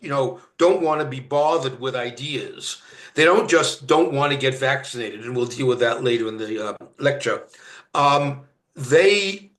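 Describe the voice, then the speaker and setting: A man from Canada giving a university lecture, halting with many fillers and restarts and stressing each word of a list. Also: a little high, a bit bright, echoey room. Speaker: guest lecturer. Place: lecture room.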